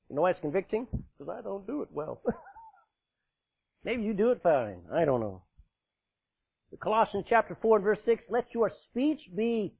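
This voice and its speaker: Husky-voiced emphatic man preaching. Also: high-pitched. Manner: forceful, emphatic preaching with sudden loud bursts and dramatic drops; laughs often, jokes with the congregation. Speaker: pastor. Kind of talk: sermon. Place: church, live congregation. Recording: tinny phone-like sound.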